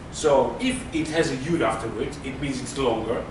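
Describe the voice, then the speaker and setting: A man's voice: mid-range voice, sing-song, normal speed, a little hiss or hum. A man teaching a beginners' Hebrew class, patiently explaining and praising his students. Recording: echoey room, mic far off.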